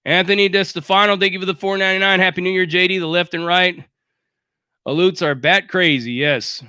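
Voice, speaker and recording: A man's voice: sits high, steady tone, brisk, sharp tone, clear, resonant tone, no room sound, clean studio sound. A man hosting a livestream, ranting in a blunt, sarcastic way and swearing freely while thanking viewers. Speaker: livestream host. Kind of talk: casual livestream rant.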